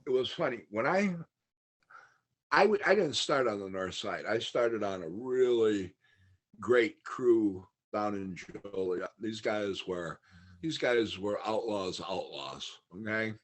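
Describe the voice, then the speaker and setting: Husky man telling biker stories. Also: on the low side, slow pace. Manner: rambling, laughs often, acts out quotes. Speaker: podcast guest. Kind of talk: casual storytelling chat.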